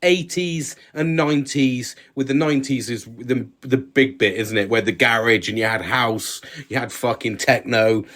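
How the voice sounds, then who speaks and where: Sweary dad, laddish banter. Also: male voice, medium pitch, normal speed, hardly any pauses, a bit bright. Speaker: podcast co-host. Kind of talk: casual chat.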